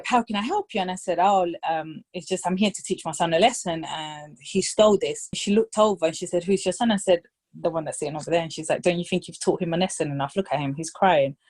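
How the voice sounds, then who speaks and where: A woman telling a story in casual chat, acting out the voices and dropping into phrases. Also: fairly low pitch. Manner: animated storytelling, acts out voices, code-switches to Spanish. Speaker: podcast guest.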